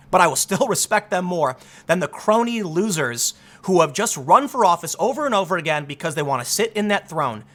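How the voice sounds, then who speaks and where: A man with a high-sitting voice delivers solo political commentary, animated and sarcastic, rambling with frequent restarts.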